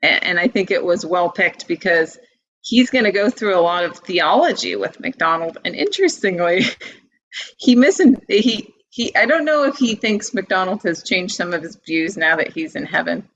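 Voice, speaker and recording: A woman's voice: fairly low pitch, lively intonation, moderate pace, a bit bright, lo-fi sound. A woman guest in a casual book discussion who talks enthusiastically, laughs often and uses many fillers. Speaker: guest blogger.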